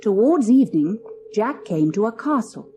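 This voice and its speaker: A woman narrating a children's storybook in an expressive, lilting storytelling manner. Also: mid-range voice, normal speed, a little hiss or hum. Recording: old cassette audiobook.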